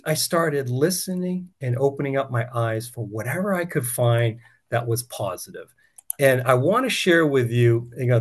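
A man preaching a conversational sermon, telling a personal testimony with many rhetorical questions. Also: mid-range voice.

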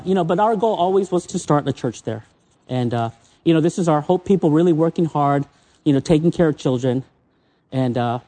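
In church, a visiting preacher with a husky, breathy voice shares personal stories with open emotion. He leaps from bright, excited peaks down to quiet moments that are almost whispered.

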